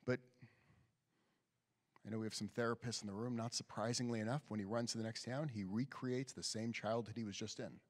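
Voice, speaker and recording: A man's voice: lowish voice, a little fast. A man, a rabbi, telling a story in a sermon and acting out the voices of the people in it. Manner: storytelling, animated, acts out quoted voices. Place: synagogue sanctuary. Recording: long hall reverb.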